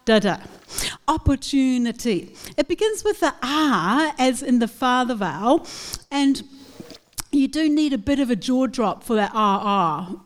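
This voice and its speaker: A woman teaching English pronunciation, breaking one word into slow, carefully repeated sounds. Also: high-pitched.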